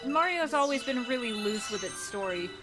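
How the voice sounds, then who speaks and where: A woman's voice: a little high, lively intonation, moderate pace. A woman co-commentating on a game in casual chat, thoughtful and hedging. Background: game music.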